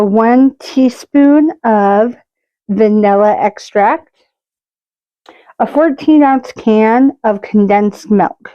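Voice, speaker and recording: A woman's voice: fairly high pitch, dark tone, dry recording, muffled recording. A woman hosting a casual cooking video, chatty and joking at her own expense. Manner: chatty and self-mocking, jokes about her own accents. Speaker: cooking show host.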